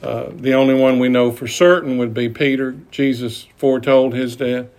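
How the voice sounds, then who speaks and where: A man teaching a Bible study class, speaking deliberately with pauses and fillers. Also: mid-range voice, steady tone, darkish tone.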